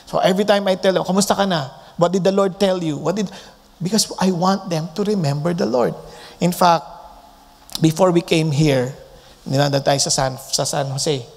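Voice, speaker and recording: A middle-aged Filipino pastor preaching in a high voice, moving between English and Tagalog and acting out the voices of the people in his stories. His words ring out with long reverb in a large hall. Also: fairly even intonation, moderate pace, vocal fry. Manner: switches between English and Tagalog, acts out quotes in varied voices. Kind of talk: sermon.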